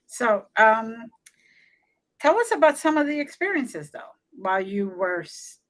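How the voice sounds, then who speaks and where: A woman's voice: fairly high pitch, sing-song, a little slow. A woman co-hosting an interview show, asking brief prompting questions with some fillers. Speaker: co-host. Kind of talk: podcast interview.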